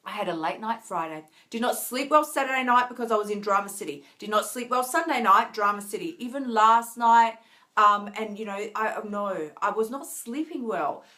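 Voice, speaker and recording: A tired, emotional woman coach talking earnestly to viewers on a live stream, restarting often and laughing softly. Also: mid-range voice, animated, normal speed. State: tired, near tears. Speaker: wellness coach.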